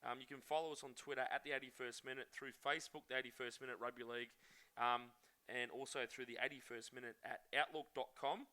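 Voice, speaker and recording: A man's voice: mid-range voice, steady tone, fast, pushed and bright. A man hosting a casual interview, asking long, rambling questions. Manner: friendly, rambling questions with restarts. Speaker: podcast host.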